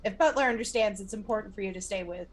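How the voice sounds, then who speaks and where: A woman's voice: medium pitch, fast, crowd noise. A woman playing in a tabletop role-playing game, laughing often and describing what her character does. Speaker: player. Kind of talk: casual tabletop game chat.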